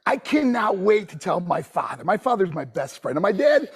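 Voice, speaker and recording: Animated podcast guest telling stories; high, husky man's voice. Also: moderate pace. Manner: animated, laughs a lot, acts out voices. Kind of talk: anecdote storytelling on a podcast.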